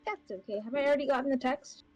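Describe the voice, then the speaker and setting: A woman's voice: high voice, quick pace, darkish tone, muffled recording, soft background music. A woman player speaking in character in a tabletop role-playing game, bubbly and upbeat.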